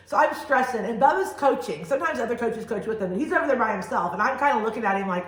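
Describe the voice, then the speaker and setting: A fairly high-voiced woman in her thirties chats through a podcast, animated and storytelling. Her talk rings around an echoey room. She sounds casual and quick to jump in. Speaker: podcast co-host. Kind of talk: casual chat.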